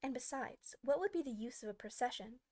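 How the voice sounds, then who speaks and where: A woman's voice: high voice, lively intonation, fairly quick, warm tone. Casting: woman reading as a courteous young heroine who stands her ground, storybook style. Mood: polite. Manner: polite yet plucky. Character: polite, curious young girl. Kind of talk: audiobook character voice.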